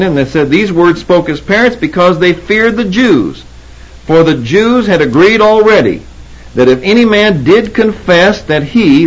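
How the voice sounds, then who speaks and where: A man preaching an expository Bible sermon. He cites chapter and verse and reads scripture slowly, and he repeats key words for emphasis. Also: a little high, breathy edge, highs cut off. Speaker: Bible teacher.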